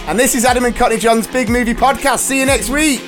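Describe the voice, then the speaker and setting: A man's voice: very high-pitched, quick pace, music in the background. A man hosting a movie podcast, jokey, upbeat and chatty. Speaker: podcast host. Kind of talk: casual chat.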